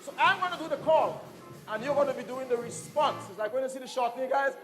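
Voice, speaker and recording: Grenadian guy running a kids folk class, super high voice, bit of guitar music behind. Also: fairly quick. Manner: lively, playful and encouraging, repeats instructions. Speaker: folk music workshop leader. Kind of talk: leading a children's call-and-response class. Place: indoor music fair.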